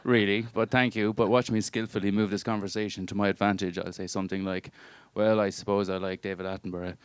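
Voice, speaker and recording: A man in his thirties performing stand-up on a club stage. He talks in a fairly low voice. His delivery is dry and pedantic, as if he were correcting a lecture, and he speaks into a handheld mic. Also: level tone, quick pace, clear, resonant tone, no room sound. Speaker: stand-up comedian and marine biologist. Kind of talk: stand-up comedy set. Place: comedy club stage before a live audience.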